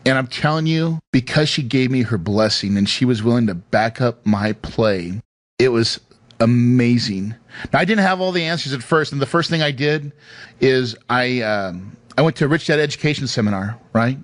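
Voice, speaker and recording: A man's voice: medium pitch, moderate pace, dry recording. A man hosting a podcast, telling a personal story in an emphatic, emotional way and laughing often into a studio microphone. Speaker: podcast host.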